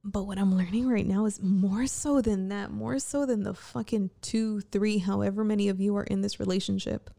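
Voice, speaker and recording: Gravelly-voiced woman rambling late at night. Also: medium pitch, fairly even intonation, normal speed, few pauses, warm tone. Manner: candid, profane, rambling with frequent restarts. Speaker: vlogger.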